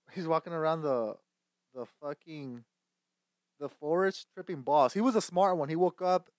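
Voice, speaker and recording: A man's voice: on the high side, a little mellow, no echo, clean studio sound. A young man hosting a casual movie chat, swearing often, rambling, and laughing between lines. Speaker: host.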